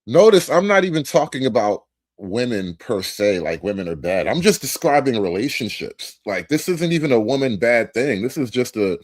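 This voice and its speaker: A man argues his case on a talk panel, deliberate and pointed as he builds a premise step by step. His voice sits at a middling pitch and is recorded close and dry, with no room sound. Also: big pitch swings, dry recording. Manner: deliberate, argumentative, lays out a premise. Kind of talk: debate on a talk show.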